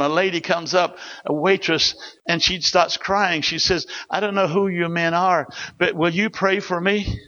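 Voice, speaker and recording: Male preacher, raised pitch, forceful sermon delivery, muffled lo-fi recording. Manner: storytelling preacher, emphatic exhortations. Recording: dull lo-fi recording.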